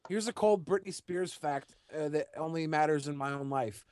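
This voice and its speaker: A young man with a slightly high voice, talking in a relaxed, rambling way on a podcast. He drifts through stories and drops dude at the end of lines. The recording is dry and close. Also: moderate pace, dry recording. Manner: laid-back, rambling, says dude a lot. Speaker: podcast co-host. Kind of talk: casual podcast chat.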